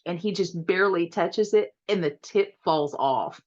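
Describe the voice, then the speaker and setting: A woman's voice: lowish voice, takes it slowly, lo-fi sound. A woman reviewing a horror movie in a chatty, giggly way, often repeating her words. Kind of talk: casual video review.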